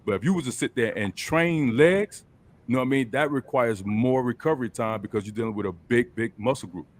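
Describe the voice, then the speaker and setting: A man's voice: mid-range voice, fairly quick. A man hosting a casual group chat over a video call, talking in a loose, colloquial coaching way. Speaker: host.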